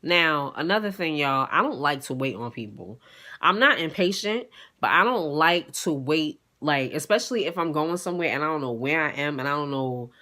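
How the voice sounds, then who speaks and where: A young woman tells a story to her viewers, animated and salty with her language. Her voice sits fairly low but has a bright, forceful edge. She keeps talking straight to the audience. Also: normal speed. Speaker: vlogger. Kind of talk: casual storytime.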